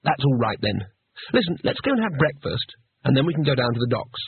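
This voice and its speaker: A man's voice: medium pitch, big pitch swings, brisk, dry recording, full character voice. A man reading an audiobook, voicing a naive, cheerful male tourist who talks in an earnest, sheepish way. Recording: husky, dry, phone-like narrow sound.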